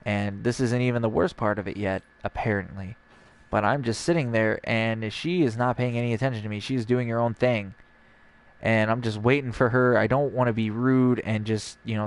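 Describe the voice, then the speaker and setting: Young male streamer, lowish smooth voice, casual rambling storyteller. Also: fairly even intonation, fairly quick. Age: young adult. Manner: rambling, acts out dialogue.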